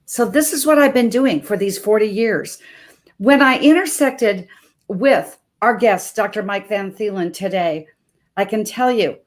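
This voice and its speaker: Woman, 60s, from Montana, health coach host, live webcast intro, emphatic, expressive, mid-pitched voice. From Montana, USA. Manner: expressive, emphatic storytelling with shifting pace.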